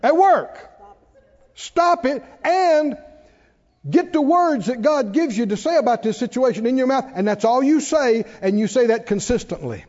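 A man preaching a sermon in a church, animated and playful, acting out worried voices and laughing along. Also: extremely high pitch, measured pace. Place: church sanctuary. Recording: dull sound, long hall reverb.

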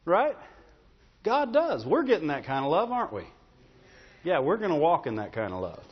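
A man's voice: on the high side, huge pitch swings, moderate pace, husky. A man preaching a sermon as pastor, talking in a conversational way and often checking in with the congregation. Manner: conversational, repeats "Amen?" and "Right?". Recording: dull, with long hall reverb.

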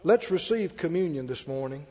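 A man's voice: a little high, lively intonation, normal speed, a little mellow, slightly rough. A male pastor preaching a sermon in a folksy, conversational way, with chatty asides. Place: church sanctuary. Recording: dull-toned, echoey church hall.

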